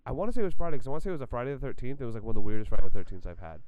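Podcast co-host, male, mid-pitched, resonant, chatty anecdote delivery with lots of "like.". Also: very fast, clean tone, dry recording. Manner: animated, full of "like" fillers and restarts. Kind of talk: casual storytelling.

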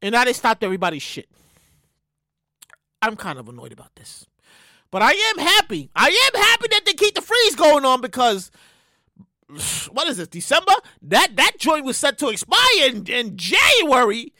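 A high, bright-voiced woman speaking hosts a casual news talk show, her pitch swinging widely as she vents. She talks in a loud, animated way and repeats her phrases for effect. The sound is dry and close, with no room around her. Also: moderate pace, dry recording. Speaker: podcast host.

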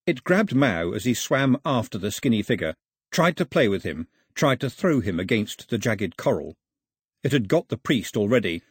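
Husky, expressive male audiobook narrator. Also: fairly low pitch, moderate pace, dry recording, studio quality. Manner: expressive storytelling.

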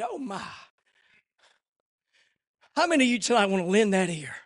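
A middle-aged man preaching an impassioned sermon, swinging between shouted fervor and hushed, intimate asides. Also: sits high, sing-song, normal speed, no echo, clean studio sound.

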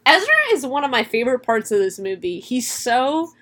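A woman's voice: fairly high pitch, lively intonation, moderate pace, fairly bright tone. A woman hosting a casual podcast chat, retelling a horror film's plot with swearing and laughter. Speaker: podcast host reviewing a horror film.

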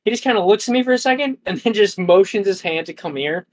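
A young man co-hosting a podcast, telling a story in an animated, slangy way with plenty of swearing. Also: high-pitched, fast talker. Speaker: podcast co-host. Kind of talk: casual chat.

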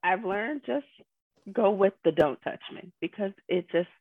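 A woman's voice: medium pitch, lively intonation, measured pace. A woman in casual group chat, giving dry advice. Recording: dull lo-fi sound.

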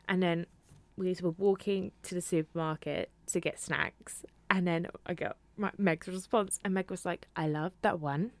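A woman co-hosting a podcast, telling stories in an animated way, swearing casually and laughing along. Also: lowish voice, moderate pace, no room sound. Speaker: podcast co-host. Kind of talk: casual chat.

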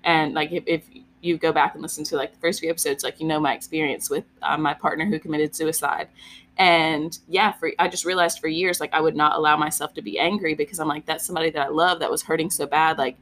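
A woman's voice: low-pitched, fairly even intonation, brisk, fairly bright tone. A woman co-hosting a podcast, telling a personal story in candid casual chat, peppered with "like". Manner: candid storytelling, heavy use of "like", swearing.

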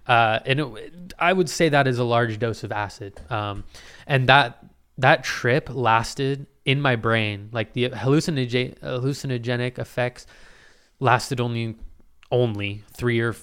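A young man answering viewer questions in a casual vlog, swearing freely and talking in animated, exclamatory bursts full of fillers. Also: medium pitch, a little slow, smooth. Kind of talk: casual Q&A storytelling.

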